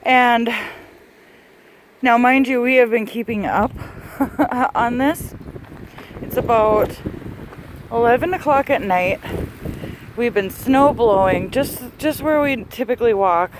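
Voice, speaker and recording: Lady filming her yard in a blizzard on her phone, chatty, kinda winded, faint wind hiss. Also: medium pitch. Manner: chatty, laughs often, talks to pets. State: out of breath. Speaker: vlogger filming a home video diary. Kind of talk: casual handheld narration. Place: outdoors in a snowstorm at night, then in a garage. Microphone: phone held in hand.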